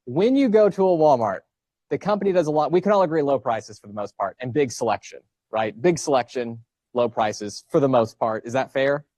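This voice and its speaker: A man's voice: mid-range voice, expressive, fairly quick, darkish tone, no echo. A man in his thirties, a college professor giving a casual lecture, joking and asking his students questions. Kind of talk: classroom lecture with student banter. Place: classroom.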